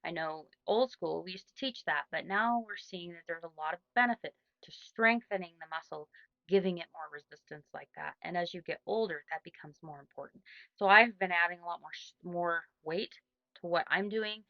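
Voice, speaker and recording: A woman's voice: on the low side, normal speed, gravelly, no room sound, dull audio. A middle-aged woman, a running coach, giving casual advice in a chatty, rambling way with lots of restarts.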